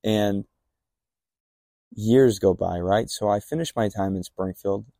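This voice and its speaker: A young man tells a personal story in a relaxed, rambling way, full of fillers and acted-out bits of dialogue. His voice sits a little low, with a gravelly edge and a mellow, dark tone. The sound is dry and close. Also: slow, dry recording. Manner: rambling, acts out remembered dialogue with many fillers. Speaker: podcast guest telling a testimony. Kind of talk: casual storytelling.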